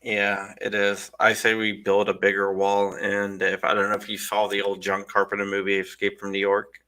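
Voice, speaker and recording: A man's voice: on the low side, completely flat delivery, moderate pace, sharp tone. A man hosting a casual interview, who asks questions in a joking, sarcastic way. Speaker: show host and interviewer.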